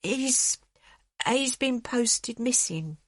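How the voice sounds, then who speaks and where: A woman's voice: on the high side, animated, drawn-out words, dry recording, studio quality, pitched above the performer's own voice, exaggerated voice. A woman voicing a tired, hesitant young pregnant wife in wartime. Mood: weary.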